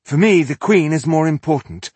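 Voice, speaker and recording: A man's voice: on the high side, lively intonation, moderate pace, darkish tone, husky, no echo, pitched above the performer's own voice. A man doing a fierce, insistent woman warrior. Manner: urgent, insistent. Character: fierce, determined female warrior.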